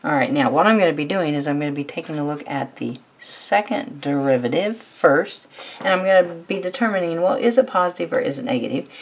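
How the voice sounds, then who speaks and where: Low-voiced woman teaching calculus. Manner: relaxed, conversational, thinks aloud while writing. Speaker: math teacher. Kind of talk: recorded math lecture.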